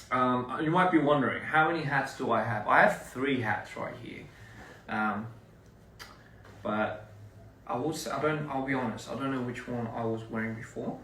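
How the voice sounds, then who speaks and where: A young man chatting to fans in a relaxed, rambling way, often restarting his sentences. His mid-pitched voice is caught by a phone set back from him in a reverberant room, with a faint hum of ambience behind. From Australia. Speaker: performer talking to fans. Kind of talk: casual livestream chat. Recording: roomy, somewhat distant phone audio.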